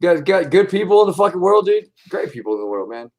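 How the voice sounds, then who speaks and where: Male livestream host, slightly high voice, excitable, rambling, heavy profanity. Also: fast. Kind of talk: casual livestream chat.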